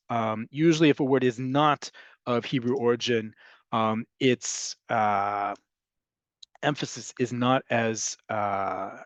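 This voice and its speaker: A man teaching an online language class, explaining vocabulary and answering questions, sometimes repeating words slowly. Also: mid-range voice, no echo. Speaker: Hebrew teacher.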